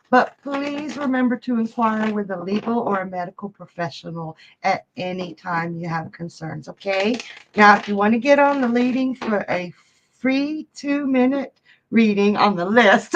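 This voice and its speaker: A woman's voice: on the high side, a bit bright, highs cut off. A woman hosting a live psychic reading stream, chatty and upbeat, greeting viewers and reading their chat messages aloud.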